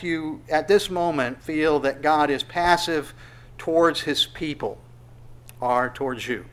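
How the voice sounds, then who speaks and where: A male pastor preaching a sermon, animated and emphatic, with sudden loud bursts. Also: on the high side.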